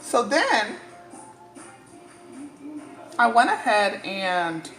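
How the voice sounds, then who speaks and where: A woman's voice: fairly high pitch, drawn-out words. Chatty woman storyteller in a kitchen. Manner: animated, laughing, chatty. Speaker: dietitian sharing a personal story. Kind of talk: casual storytelling while cooking. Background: cooking clatter, faint music.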